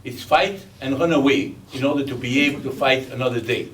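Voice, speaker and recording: A man's voice: medium pitch, a little fast, a bit bright. Man, 80s, Belgian accent, joking speech to an audience, emphatic repetition, distant mic, faint background hiss. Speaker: veteran guest speaker.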